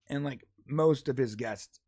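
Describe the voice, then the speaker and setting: A man's voice: medium pitch, a little slow, darkish tone. A man co-hosting a casual podcast livestream, telling a story and acting out both sides. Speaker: podcast co-host.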